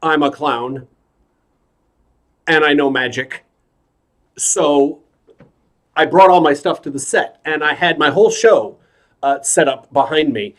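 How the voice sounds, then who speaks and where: A man from New York telling a stand-up story in a hesitant, deadpan way over a video call. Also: fairly high pitch, a little slow, pauses often. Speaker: stand-up comedian. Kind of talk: stand-up comedy set.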